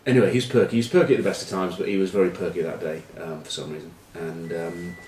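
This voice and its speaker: A very low-voiced man ambles through rugby tales as a pundit, padding them with ums and dry banter. He sits back from the mic in a roomy, echoing space. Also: fairly even intonation, quick pace, a little mellow, distant mic, a little hiss or hum. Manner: rambling storyteller, full of ums and uhs, dry banter. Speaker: rugby pundit, former player. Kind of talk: casual rambling rugby chat with anecdotes.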